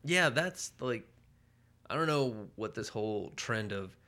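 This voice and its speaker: A man's voice: medium pitch, lively intonation, unhurried, pushed and bright. A man co-hosting a casual comedy podcast, ranting with profanity and acting out quotes in silly voices. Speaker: podcast co-host.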